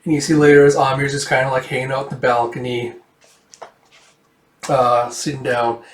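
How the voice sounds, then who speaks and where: A man's voice: mid-range voice, level tone, moderate pace, reverberant. A man casually narrating a comic book read-through, rambling with lots of "like" and "it's like". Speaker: comic book reader and reviewer.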